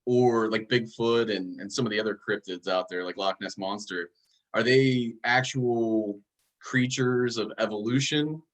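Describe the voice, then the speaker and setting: A man hosting a casual podcast chat, easygoing and halting, with many fillers. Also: fairly low pitch.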